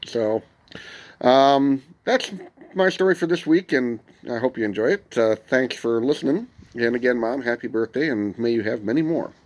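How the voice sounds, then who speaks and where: A middle-aged man hosting a podcast, telling a personal story in a casual, meandering way with frequent pauses. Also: medium pitch, expressive. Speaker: podcast host.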